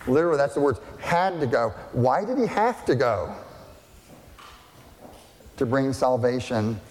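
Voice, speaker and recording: A man's voice: medium pitch, sing-song, a little slow, a little mellow. Man preaching in a reverberant hall. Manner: conversational, emphatic, rhetorical questions. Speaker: pastor. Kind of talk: sermon.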